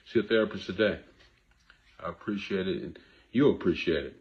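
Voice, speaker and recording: A man's voice: deep voice, a little fast, highs cut off. A man hosting a talk show as a therapist, talking earnestly and repeating himself like a preacher, sometimes emotional. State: emotional, grieving. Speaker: therapist host. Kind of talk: casual monologue to camera.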